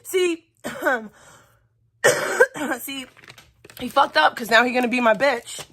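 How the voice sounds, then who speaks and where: A woman's voice: sits high, lively intonation, drawn-out words, a bit bright. A woman ranting profanely and taunting someone on a home livestream. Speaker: streamer. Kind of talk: angry livestream rant.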